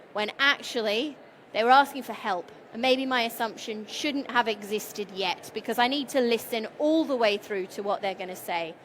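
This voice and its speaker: A woman's voice: a little high, moderate pace, a bit bright, a little hiss or hum. Engaging woman presenter, questioning. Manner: engaging, asks the audience questions. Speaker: conference co-presenter. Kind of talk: conference talk.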